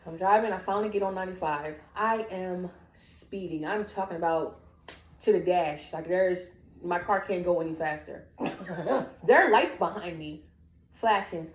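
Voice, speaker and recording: A woman's voice: on the low side, normal speed, slight background noise. A woman telling her own family story, acting out the quoted dialogue as she goes. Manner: animated, acts out quoted dialogue. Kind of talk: personal storytelling. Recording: echoey room.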